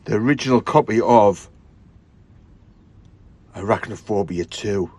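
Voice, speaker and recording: A British man co-hosting a casual livestream digs through old tapes and magazines from his collection, muttering and exclaiming to himself. His voice is lowish, darkish, and slightly rough, at a measured pace. The recording is dry.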